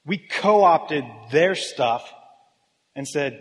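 A man's voice: fairly high pitch, lively intonation, moderate pace, a bit bright. A man preaching a sermon in a casual, joking way, talking directly with his congregation. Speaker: pastor. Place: church hall with audience. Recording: long hall reverb.

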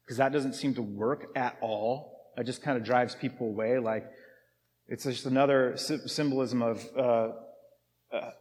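Man, pastor, conversational sermon, medium pitch, emphatic rhetorical questions, reverberant church hall.

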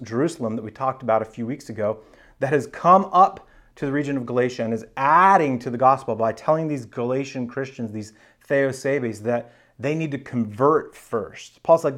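A man's voice: mid-range voice, moderate pace. Man preaching in a casual teaching tone. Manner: casual, conversational Bible teaching with slang. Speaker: pastor. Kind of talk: sermon.

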